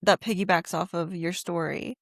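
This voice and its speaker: A woman's voice: lowish voice, steady tone, moderate pace, creaky, dry recording, studio quality. A woman co-hosting a casual podcast chat, telling stories heatedly and cursing when she gets angry. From Pennsylvania. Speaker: podcast co-host.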